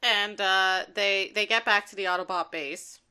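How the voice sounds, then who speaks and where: A woman's voice: medium pitch, fairly even intonation, unhurried, pushed and bright, clean tone. A woman co-hosting a podcast, talking about a cartoon as an enthusiastic fan, with many fillers. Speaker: podcast co-host. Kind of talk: casual chat.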